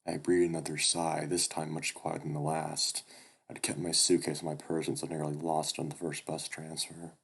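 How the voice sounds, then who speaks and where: A man's voice: extremely low pitch, little pitch movement, normal speed, creaky, husky. A man reading a visual novel aloud with wry, swearing asides. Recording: loud background music.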